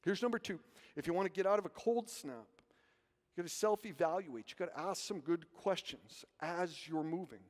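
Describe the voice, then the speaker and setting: In a reverberant church sanctuary, a high-voiced pastor delivers his sermon at normal speed. He tells lively stories and keeps asking rhetorical questions.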